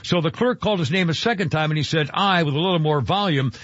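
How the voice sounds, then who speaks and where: A man's voice: fairly high pitch, quick pace, a bit bright, dry recording, lo-fi sound. A man hosting a talk radio show, giving opinionated, rambling commentary full of fillers. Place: radio studio.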